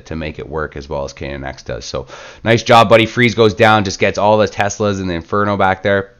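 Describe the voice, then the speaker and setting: A man hosting a gaming channel, relaxed and chatty in casual play-by-play commentary, sick and stuffed up. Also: low-pitched, clear, resonant tone, highs cut off. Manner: relaxed, chatty, lots of filler words.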